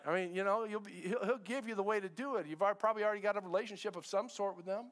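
A man's voice: high voice, very fast, fairly bright tone. A middle-aged male pastor preaching a sermon in a conversational way, repeating short phrases and asking the congregation questions. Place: church sanctuary with a congregation.

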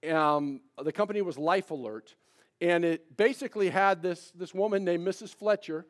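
A man's voice: high-pitched, normal speed. A man, a pastor giving a folksy, conversational sermon with repeated refrains. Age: 50s.

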